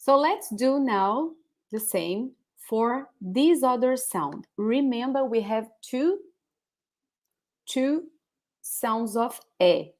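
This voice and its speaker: Brazilian lady teaching pronunciation super slowly, patient, says each word over and over. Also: on the high side, expressive, a little mellow. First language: Portuguese. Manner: slow, patient, repeats words for students. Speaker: language teacher. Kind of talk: live online pronunciation lesson.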